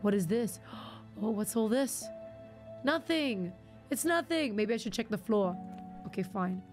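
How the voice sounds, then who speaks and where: A woman's voice: medium pitch, lively intonation, unhurried, faint music behind. A woman streaming a game live, chatting casually to herself and her viewers, joking and teasing as she plays. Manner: chatty, talks to herself and chat, jokes with viewers. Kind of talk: casual gaming commentary. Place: home streaming setup.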